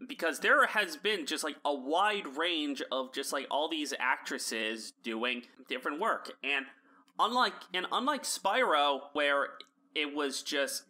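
Bright-voiced casual podcast host, a man. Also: fairly high pitch, lively intonation. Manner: chatty, restarts often, quick asides.

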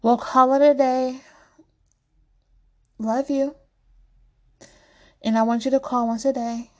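A woman voicing a firm, caring middle-aged mother who speaks slowly and sets rules. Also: sits high, flat delivery, a little mellow, voice pushed up. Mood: affectionate.

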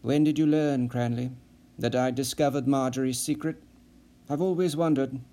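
A man reading an audiobook, voicing a shrewd, seasoned spy who talks in a measured, pointed, dryly ironic way. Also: medium pitch, steady tone, warm tone, lightly acted. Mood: grave. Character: shrewd seasoned male spy, dry and probing.

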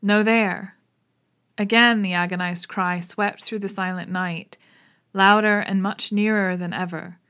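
A woman narrating a classic novel in a steady, suspenseful storytelling manner. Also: medium pitch. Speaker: audiobook narrator. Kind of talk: dramatic audiobook narration.

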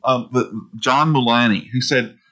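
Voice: medium pitch, unhurried. A podcast co-host chatting casually, joking and tossing in silly quoted voices. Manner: expressive, jokey, puts on silly quoted voices. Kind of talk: casual chat.

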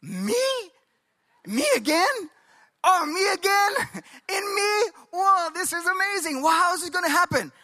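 A man's voice: high voice, lively intonation, moderate pace, pushed and bright, big-room sound. A man preaching acts out an awestruck old patriarch who is overwhelmed by a promise. The voice is breathless, wondering and cracks with emotion. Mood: awed.

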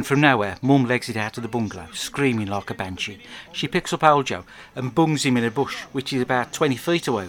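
A man telling a crude, rambling story in a deadpan comic video diary, speaking alone into a close mic at home. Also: medium pitch. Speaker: comic monologue narrator.

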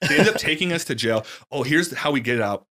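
A man casually telling a story on a podcast, jumping into high voices for the people he quotes and laughing and swearing freely. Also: animated, brisk, pushed and bright.

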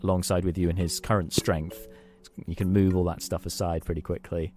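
Deep-voiced man running a tabletop game. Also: flat delivery, fairly quick, darkish tone, soft background music. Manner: casual, hesitant, with many fillers. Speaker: game master.

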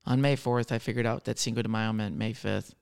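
Man, 30s, comedian hosting a podcast; smooth, clear voice, swears a lot, rambles in a jokey way. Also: fairly low pitch, steady tone, brisk. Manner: profane, jokey, rambling, jumping between loud and mumbled. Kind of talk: casual rambling monologue.

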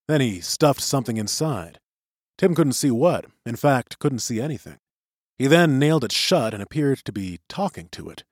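A man narrating a chapter of a novel in an expressive storytelling voice. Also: mid-range voice, no echo, clean studio sound. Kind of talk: audiobook narration.

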